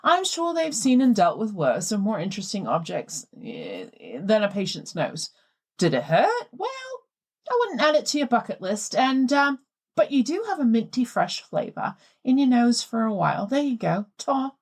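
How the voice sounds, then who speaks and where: A woman's voice: fairly high pitch, big pitch swings, moderate pace, husky, heavily acted. A woman reading a listener's letter aloud in the voice of a posh British man, telling it in a dry, matter-of-fact way. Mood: wry. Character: posh adult British man recounting a mishap.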